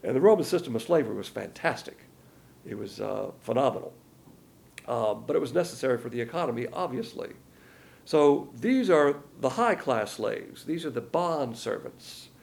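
A man's voice: medium pitch, animated, normal speed, creaky, a little mellow. A man giving a folksy, rambling verse-by-verse Bible lesson, with many fillers along the way. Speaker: Bible teacher.

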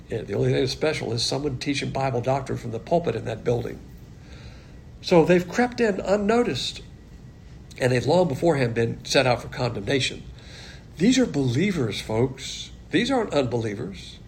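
Gravelly man teaching the Bible bluntly. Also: mid-range voice, a little hiss or hum. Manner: blunt, emphatic, mocking asides in put-on voices.

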